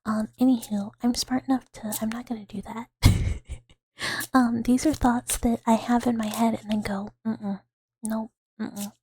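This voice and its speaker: A woman in her thirties hosting a whispered ASMR livestream, breathy and giggly, rambling as she greets chat on a close mic. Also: a little high, flat delivery, normal speed, warm tone, no echo. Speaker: ASMR streamer.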